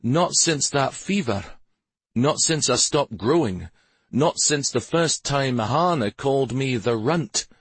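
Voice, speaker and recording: A man voicing a small young prince with a light baritone, gentle and wounded. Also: animated, a little slow, breathy edge, no room sound. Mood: wistful.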